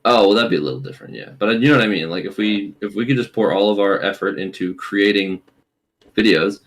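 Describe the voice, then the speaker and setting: A young man in his twenties with a lowish voice talks over a game session with a friend. He muses out loud in a relaxed, thoughtful way, in casual back-and-forth chat. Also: quick pace. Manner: thoughtful, musing. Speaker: gamer co-host.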